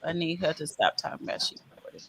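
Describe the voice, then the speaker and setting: Middle-aged woman, low-pitched voice, rambling and hesitant, casual chat. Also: expressive, fast, fairly bright tone, slight background noise. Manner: rambling, hesitant, laughs often.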